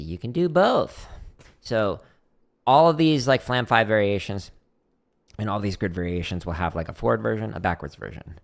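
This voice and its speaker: A man's voice: lowish voice, creaky. A man hosting a drumming livestream, chatting casually and explaining practice step by step with self-deprecating humor.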